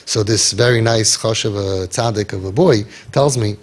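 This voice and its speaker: A man guiding parents in an impassioned talk, forceful and sarcastic, peppering his speech with Hebrew and Yiddish terms. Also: lowish voice, normal speed. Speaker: parenting guide.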